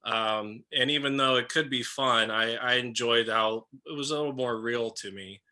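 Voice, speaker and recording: Male co-host from Ohio, bright tense tone, easygoing interviewer. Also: mid-range voice, moderate pace. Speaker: podcast co-host. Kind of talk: casual podcast interview.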